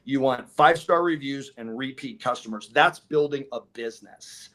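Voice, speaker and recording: At a moderate pace and medium pitch, a man who co-owns a solar company shares stories in an informal interview. He brings them to life by acting out other people's lines, laughing as he does.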